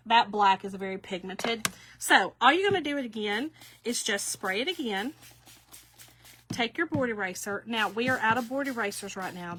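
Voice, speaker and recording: A woman's voice: a little high, bright, forceful tone, slight background noise. A middle-aged woman, rambling through stories while demonstrating a craft to viewers. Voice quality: chatty, rambling storyteller. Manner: talks to viewers while working with her hands. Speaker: craft shop owner. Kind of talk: chatty livestream crafting demo.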